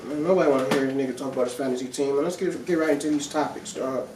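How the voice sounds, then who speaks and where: A man's voice: mid-range voice, rapid-fire, noisy background. A man co-hosting a podcast, a laid-back casual sports chat where he argues his points. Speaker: podcast co-host. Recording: echoey room, distant from mic.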